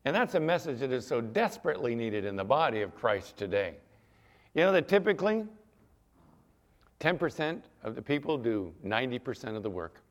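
Male pastor, conversational sermon delivery, animated pitch, chatty questions to the congregation. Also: moderate pace.

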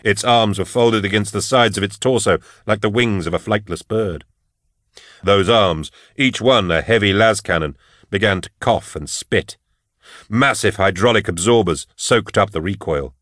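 A man reading a sci-fi audiobook in steady, dramatic narration. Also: fairly low pitch, moderate pace, no room sound, studio quality.

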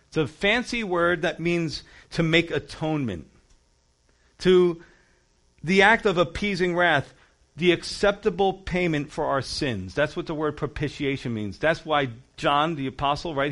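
Animated man preaching a sermon. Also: fairly high pitch. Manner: animated teaching, acts out quotes, emphatic rhetorical questions. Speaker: pastor. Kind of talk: expository sermon.

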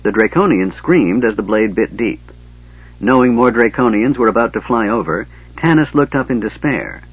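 A man reading a fantasy story aloud as a steady narrator. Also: fairly low pitch, normal speed, slightly rough, dry recording, lo-fi sound. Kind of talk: scripted narration.

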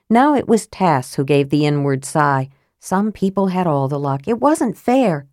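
A woman narrates a fantasy audiobook in a low, mellow voice with a steady storytelling pace. The recording is close and dry, with no room sound. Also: moderate pace, no echo. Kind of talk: scripted narration.

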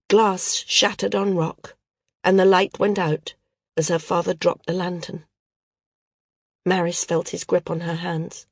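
Low-voiced woman narrating an audiobook. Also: fairly even intonation, measured pace, slightly rough, no echo, studio quality. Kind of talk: scripted narration.

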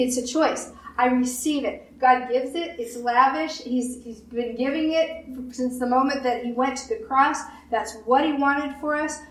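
A woman pastor giving a sermon, with emphatic repetition and quick acted-out quotes. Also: high voice, fairly bright tone. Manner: repetitive emphatic preaching, acts out quoted voices. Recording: roomy echo, distant mic, faint hiss.

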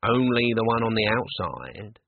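A man voicing a stern, sharp-tongued old witch woman, speaking in a clipped, commanding way, on a dry lo-fi recording. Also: fairly low pitch, sing-song, a little slow, vocal fry, no room sound, exaggerated voice. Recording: dry, narrow lo-fi band.

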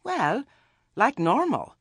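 A man's voice: high-pitched, wildly swooping pitch, slow pace, fairly bright tone, husky, no room sound, clean studio sound, pitched above the performer's own voice, full character voice. A man doing a blunt, snappish old granny witch. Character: earthy old witch, grandmother, blunt and sharp-tongued.

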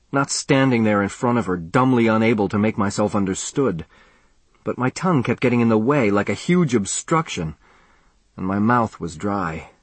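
A man reading a first-person story aloud in a measured, earnest storytelling manner. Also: fairly low pitch, breathy edge, no room sound. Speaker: audiobook narrator. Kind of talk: scripted first-person narration.

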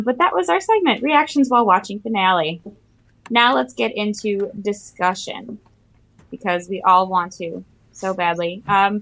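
A woman's voice: medium pitch, fairly bright tone, no room sound, low-quality recording. A woman hosting a casual podcast chat, playful as she steers the discussion into the next topic. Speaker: podcast host.

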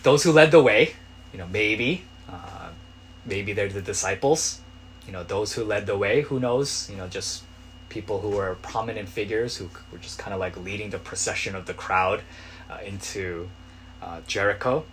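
Male pastor, sermon, low-pitched voice, chatty delivery that climbs into impassioned shouts, faint hum behind. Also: normal speed. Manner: conversational preaching that swells to loud pleading cries.

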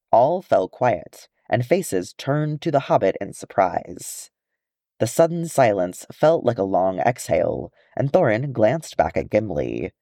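A man reading a story aloud with expressive delivery. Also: lowish voice, measured pace, vocal fry, no room sound, studio quality. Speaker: audiobook narrator. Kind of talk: reading fan fiction aloud.

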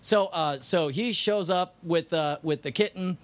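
A man's voice: sits high, measured pace. A man in his thirties on a podcast, animatedly retelling a story and laughing often. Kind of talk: casual chat, storytelling.

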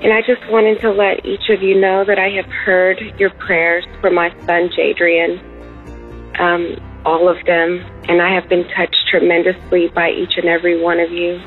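A woman's voice: on the low side, completely flat delivery, moderate pace. A woman from Texas calling in with heartfelt, earnest thanks. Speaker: caller, mother. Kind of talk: phoned-in thanks. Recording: tinny phone line, faint music.

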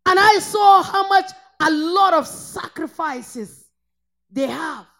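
A woman from northern Nigeria, preaching a fervent sermon that swings between shouted praise and low, intense rebuke. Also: lively intonation, slow pace, vocal fry.

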